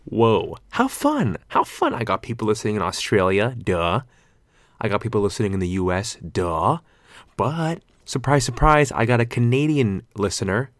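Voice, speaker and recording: A man's voice: fairly low pitch, moderate pace, no room sound. A man in his twenties hosting his own podcast alone, rambling and joking, with casual swearing. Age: 20s. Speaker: podcast host. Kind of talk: solo podcast chat.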